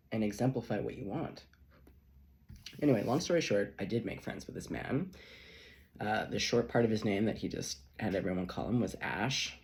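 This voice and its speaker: A man's voice: on the low side, vocal fry, a little mellow. A man reading tarot who tells a long, rambling personal story in a chatty vlog, swearing casually and laughing often. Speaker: tarot reader.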